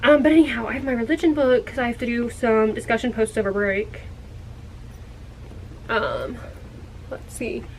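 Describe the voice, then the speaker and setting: Chatty high-voiced young woman vlogging. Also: moderate pace, pauses often, slight background noise. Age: college age. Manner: rambling, chatty, laughs when embarrassed. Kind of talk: casual vlog.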